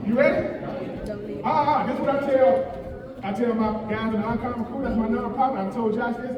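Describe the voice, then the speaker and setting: A man in his forties giving an animated, joking motivational speech to young athletes, calling out to the crowd. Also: extremely high pitch, a little fast, lo-fi sound. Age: 40s. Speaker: guest speaker. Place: large event hall. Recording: echoey hall, voice picked up from far off.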